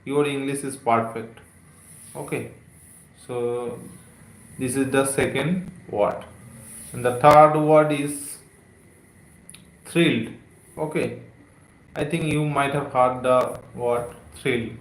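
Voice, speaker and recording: Male English tutor, live stream, slow and repetitive, echoey room, mid pitch. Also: fairly even intonation. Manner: slow, repeats words, many "okay" and "uh" fillers. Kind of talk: live-streamed vocabulary lesson.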